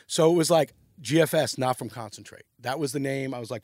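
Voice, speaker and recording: A brisk, mid-range voice comes through dry and clean from the studio. The speaker, a middle-aged New Yorker guesting on a podcast, rambles energetically through crude stories in a casual chat.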